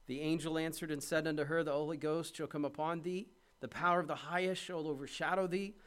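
A man preaching a sermon in a conversational way, building to emphatic peaks. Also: a little high. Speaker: pastor.

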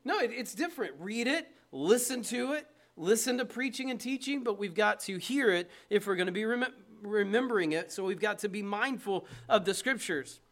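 Man, pastor, high-pitched voice, emphatic sermon delivery, talks to the congregation, church. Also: animated, moderate pace, hardly any pauses, fairly bright tone. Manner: emphatic preaching with call-and-response asides.

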